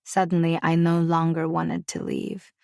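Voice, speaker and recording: Gravelly woman narrating a romance. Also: low-pitched, monotone, measured pace, darkish tone, no echo, clean studio sound. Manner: intimate, confessional storytelling. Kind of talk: first-person romance audiobook narration.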